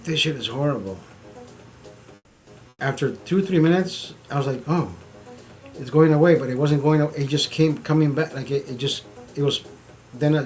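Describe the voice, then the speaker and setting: A middle-aged man hosting a stream, telling a story in casual, profane, animated talk, repeating phrases for emphasis. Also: fairly high pitch. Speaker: streamer host.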